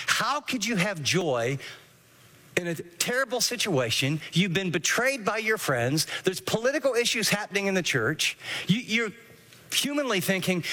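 A man delivers an earnest sermon, teaching from scripture and telling listeners what to underline. His voice sits high and bright. A long reverb trails behind him, as in a large hall. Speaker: pastor.

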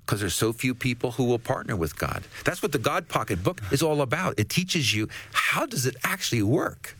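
A man, a guest author on a faith talk show, telling a story in an animated way. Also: medium pitch, normal speed, husky.

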